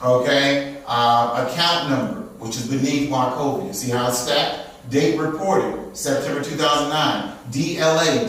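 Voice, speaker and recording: A man's voice: fairly high pitch, a bit bright. A man teaching a live credit repair class, checking in with the audience after nearly every point. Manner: checks in with frequent "okay?" and "all right?". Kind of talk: live seminar lecture. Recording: very echoey room, from far off.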